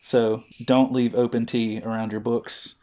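A man in his thirties talks in a loose, rambling way, piling on fillers and false starts as he tells a story. His pitch sits in the middle range for a man. He co-hosts a relaxed comics chat show. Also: a little slow. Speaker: podcast co-host. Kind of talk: casual chat.

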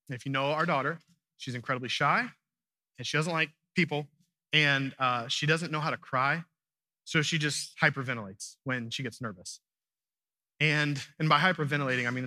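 A man's voice: medium pitch, bright, forceful tone, no echo. A man in his thirties preaching a sermon, telling a family story in a conversational way and acting out the lines of his wife and daughter. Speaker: pastor.

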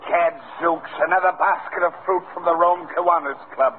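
Man playing a vain theatrical roman emperor, high voice, tinny hissy old radio. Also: steady tone, normal speed, natural voice. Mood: pompous. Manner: pompous, theatrical. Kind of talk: 1930s radio comedy acting.

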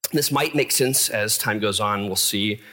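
Bright-voiced male pastor, casual sermon. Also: lowish voice, a little slow. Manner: casual, self-deprecating, with fillers and asides.

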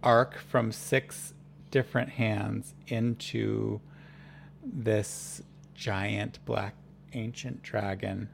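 A man narrating as game master of a tabletop game, describing the scene in a halting, drawn-out way. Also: lowish voice, fairly even intonation, vocal fry, a little hiss or hum.

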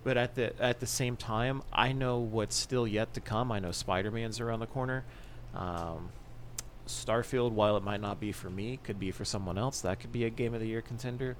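A man co-hosting a casual podcast, excitable and profane, laughing often as he talks about games. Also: fairly low pitch, moderate pace, a little hiss or hum. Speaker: podcast co-host.

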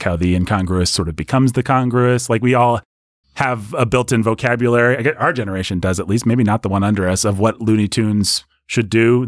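Animated man co-hosting a podcast. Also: no room sound, studio quality. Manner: animated, jumps into high mock voices for jokes. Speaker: podcast co-host. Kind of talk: casual podcast discussion.

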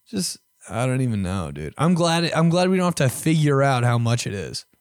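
Swearing freely and putting on mock voices, this young podcast host delivers an animated, casual rant. His medium-pitched voice runs a little slow, captured in a dry, studio-quality recording.

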